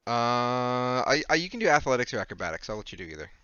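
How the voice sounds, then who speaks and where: A man's voice: medium pitch, sing-song, fast talker, bright, forceful tone, clear, resonant tone, no echo. Casual, hesitant male game master. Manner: casual, hesitant, many fillers. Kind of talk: narrating a tabletop game. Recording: dry, dull lo-fi mic.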